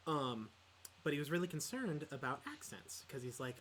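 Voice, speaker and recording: A man's voice: a little high, very animated, normal speed, fairly bright tone, slight background noise. A man co-hosting a podcast in casual chat, rambling with lots of fillers and laughs. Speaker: podcast co-host.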